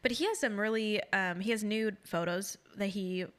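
A woman's voice: mid-range voice, moderate pace. A woman hosting a podcast, chatting casually and gushing, often laughing. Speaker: podcast host. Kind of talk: casual chat.

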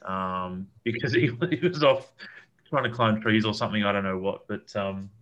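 A man's voice: lowish voice, normal speed, a bit bright, muffled recording. A man, telling a long, rambling camping story in a casual chat, with lots of fillers and repeated words.

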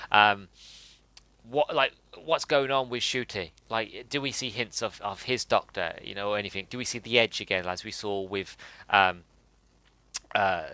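A man giving a casual video review, excited and halting, often stumbling and repeating himself. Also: on the low side, no room sound.

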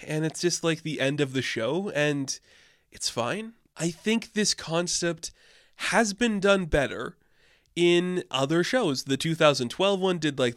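A man's voice: fairly high pitch, fairly bright tone, no echo, studio quality. A man hosting a podcast, giving a casual, rambling and opinionated film review. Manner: rambling and opinionated, many fillers. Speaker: podcast host.

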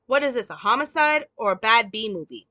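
A woman's voice: on the high side, lively intonation, fairly quick, bright, forceful tone, no room sound, voice pushed up. A woman reading the lines of a sarcastic, hard-bitten male police detective from a script in a dry, mocking way.

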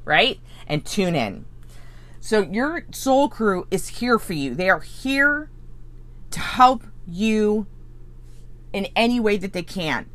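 An earnest woman teaching a spiritual coaching lesson at an everyday middle pitch. She keeps checking in with her listeners and slips into their inner voice to show what they might think. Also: very animated, takes it slowly, a bit bright. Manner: earnest, tags lines with "right?" and "okay?".

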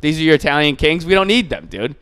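A man's voice: fairly high pitch, big pitch swings, quick pace, a bit bright, smooth. Crude, ranting male podcast host. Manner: crude, sarcastic ranting with frequent "dude". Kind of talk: casual comedic chat.

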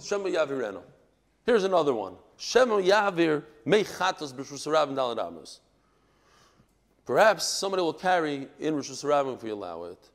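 A man teaching a Talmud class, explaining a passage with animated exclamations and quiet asides, mixing in Hebrew and Aramaic terms. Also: a little high, normal speed.

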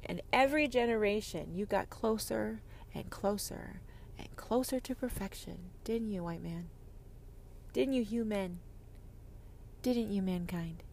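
A woman hosting a podcast, delivering a profane, confrontational rant that swings between loud outbursts and hushed lines. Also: mid-range voice, measured pace, creaky, a little hiss or hum. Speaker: podcast host. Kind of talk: ranting podcast monologue.

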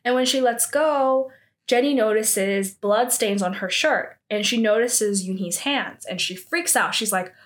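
A woman's voice: fairly high pitch, measured pace. A woman casually recapping a drama plot, chatty and peppering her talk with "like". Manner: chatty, heavy use of 'like' fillers.

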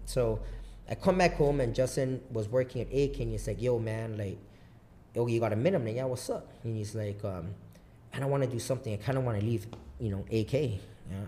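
A man from Guam telling stories in a loose, profane, rambling way, laughing loudly at his own punchlines. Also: mid-range voice, brisk, slight background noise. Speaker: podcast guest, coffee bar founder. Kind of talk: casual storytelling chat.

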